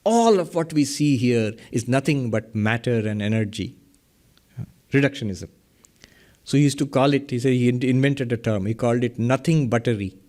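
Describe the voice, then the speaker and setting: A man's voice: medium pitch, animated, normal speed, darkish tone. A middle-aged man, teaching Vedanta philosophy in a lecture, explaining through questions and everyday examples. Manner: explains by questions and examples, chuckles at own jokes.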